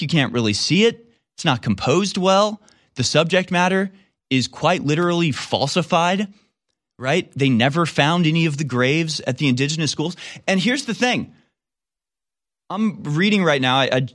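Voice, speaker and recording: A man's voice: medium pitch, a bit bright. A man hosting a talk radio show, delivering a sarcastic, ranting monologue in a conversational way.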